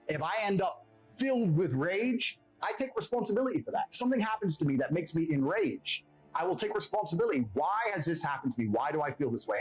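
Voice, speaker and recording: Rapid, lively and slightly high-pitched, this man speaks with blunt, self-assured force and swears freely. He delivers a motivational monologue as a podcast guest. Faint music plays underneath. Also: poor audio. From England.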